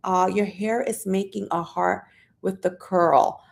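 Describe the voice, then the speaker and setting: Woman host, chatty live-stream chat, mid pitch, greets viewers and reads their comments, jumps high when excited. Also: takes it slowly, gravelly.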